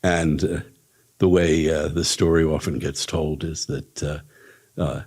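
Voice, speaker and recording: Chuckling gravelly man teaching meditation. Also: a bass voice, fairly even intonation, a little slow, darkish tone. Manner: casual, chuckling, rambling storyteller. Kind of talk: spiritual teaching talk with storytelling. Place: ashram talk.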